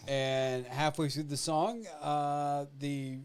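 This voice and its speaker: A man's voice: a little high, steady tone, a little mellow, clean tone. A man co-hosting a podcast who tells a story in casual chat, going through the details one by one. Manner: deliberate, listing details one by one.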